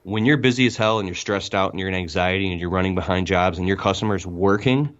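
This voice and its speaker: A man telling stories as a podcast guest, excitable and rambling with emphatic asides. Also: low voice, fast, highs cut off. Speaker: guest, window cleaning business owner. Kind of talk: casual podcast conversation.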